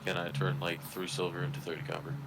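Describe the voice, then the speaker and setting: Quiet, deep-voiced hesitant man player. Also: completely flat delivery, quick pace, vocal fry, a little hiss or hum, rough recording.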